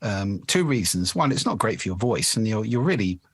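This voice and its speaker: Articulate man with a husky low voice. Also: very animated, moderate pace, dry recording. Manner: articulate, explanatory, demonstrates voice effects. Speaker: guest, voice and speaking expert. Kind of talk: podcast interview.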